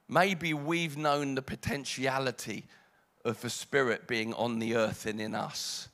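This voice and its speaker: A British man preaching a sermon, dramatic, dropping to hushed lines and rising loud. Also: mid-range voice, steady tone, measured pace.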